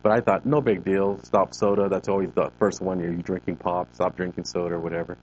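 A ministry leader in his fifties gives a personal testimony to a group at a CrossFit gym, acting out the conversations he remembers. His voice is deep, a little mellow, and fairly flat in pitch, delivered briskly. The recording is muffled with slight background noise.

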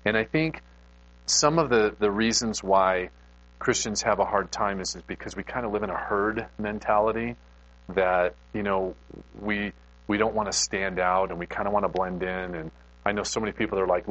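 A man's voice: on the low side, fairly even intonation, unhurried, fairly bright tone, dull audio. A man preaching a casual, conversational sermon, telling a personal story with lots of restarts and self-deprecating asides. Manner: extrovert.

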